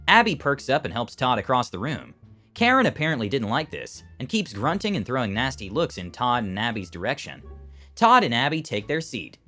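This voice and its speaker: Man narrating a story with a very lively pitch. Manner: expressive storytelling. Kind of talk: scripted narration of an online story.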